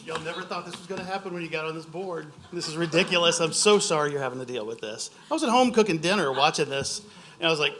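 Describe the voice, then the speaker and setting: A man's voice: fairly high pitch, lively intonation, fast, a bit bright, slight background noise. A man from Louisiana giving an impassioned public comment at a board meeting, telling stories and laughing at times.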